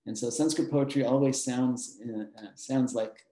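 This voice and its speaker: A man teaching mathematics in a master class speaks in a mellow, medium-pitched voice with fairly even intonation and a moderate pace. Patient and given to fillers and little laughs, he's recorded with a roomy echo.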